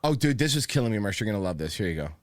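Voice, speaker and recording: A man's voice: fairly low pitch, big pitch swings, rapid-fire, no echo, clean studio sound. A man hosting a podcast in casual chat, rambling, swearing and laughing often. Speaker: podcast host.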